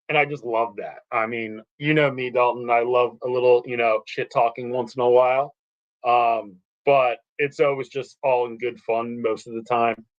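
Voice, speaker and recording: A man's voice: mid-range voice, highs cut off. A man in his thirties, a podcast guest, telling stories in a loose, rambling way with lots of fillers. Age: 30s. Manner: rambling, animated storytelling with many fillers. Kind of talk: casual podcast chat.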